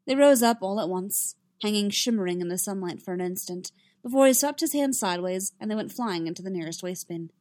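A woman reading a story aloud in an even, unhurried narration. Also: mid-range voice, no echo. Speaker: reader. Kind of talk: reading fan fiction aloud.

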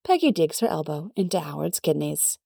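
Gravelly low-voiced woman narrator. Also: very animated, brisk, warm tone, dry recording, studio quality. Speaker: story reader. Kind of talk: scripted narration.

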